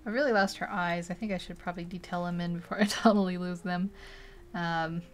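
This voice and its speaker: A woman's voice: lowish voice, fairly even intonation, a little fast, slight background noise. A young woman casually narrating as she paints a digital portrait, chatty and rambling, laughing often between thoughts. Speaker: digital art streamer.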